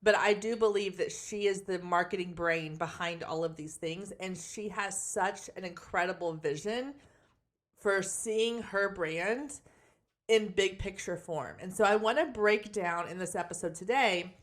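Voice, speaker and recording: A woman in her forties hosting a solo podcast, slightly hoarse from losing her voice, talking in a chatty, candid way with frequent ums, on a backup podcast microphone. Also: medium pitch, unhurried. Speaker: podcast host and photography marketing coach. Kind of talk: casual solo podcast talk.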